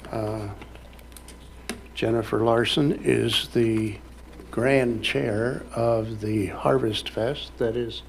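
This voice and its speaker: A man's voice: mid-range voice, creaky, slight background noise. A man speaking at a city council meeting in a folksy, rambling way, full of fillers and restarts.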